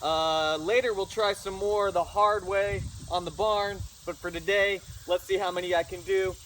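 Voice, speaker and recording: A man's voice: high-pitched, fairly even intonation, normal speed, fairly bright tone. A man vlogging a fitness challenge on a farm, talking in a playful, upbeat and jokey way. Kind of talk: casual to-camera vlog. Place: outdoors on a farm. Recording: distant outdoor mic with faint rural noise.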